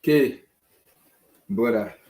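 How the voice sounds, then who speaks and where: This football fan show host speaks slowly, his voice fairly low and darkish. His casual rant is exasperated and repetitive, recorded in an echoey room.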